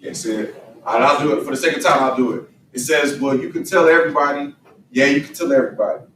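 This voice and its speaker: A man's voice: mid-range voice, fast, a bit bright. A man leads a youth group in an emphatic, preaching motivational talk with call-and-response. He is picked up from across the room. The space is roomy, with a faint hiss under the voice. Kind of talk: motivational talk to young men. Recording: distant mic in echoey room with faint noise.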